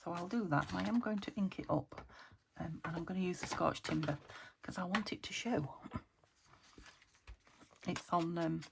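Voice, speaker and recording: Host: middle-aged woman from the UK, croaky, gravelly and a bit low, chatty and thinking aloud as she crafts, slipping into half-whispers, faint hiss behind. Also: normal speed, pauses often. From United Kingdom. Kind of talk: casual crafting chat.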